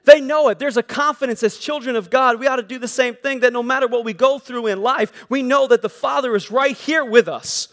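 A man with a notably high voice preaches to his congregation during a church service. He talks in an earnest, conversational way, often stumbling into repeated words before pressing on. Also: fairly quick, few pauses, fairly bright tone. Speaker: pastor. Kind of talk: sermon.

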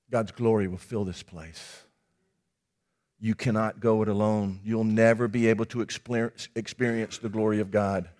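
Male pastor, slightly high voice, emphatic sermon delivery with hushed lows and loud peaks, folksy asides. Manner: folksy, jokes with the congregation.

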